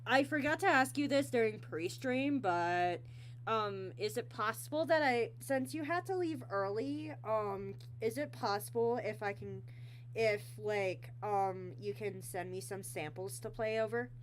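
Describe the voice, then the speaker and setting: A woman hosting a casual livestream interview, talking haltingly with lots of fillers and bursts of giggling. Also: mid-range voice, a little hiss or hum. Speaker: stream host.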